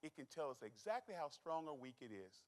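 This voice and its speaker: A man's voice: a little high, a little fast. A middle-aged man giving a folksy, joking health talk as a doctor to a live audience. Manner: folksy, animated, joking with the crowd. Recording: long hall reverb.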